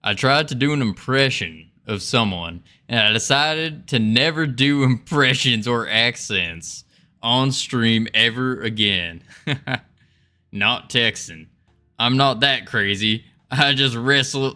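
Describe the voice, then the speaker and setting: A man's voice: mid-range voice, slow pace, sharp tone, faint music behind. A man streaming his game development, chatting casually and reading chat aloud, chuckling often as he rambles. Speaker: game dev livestreamer.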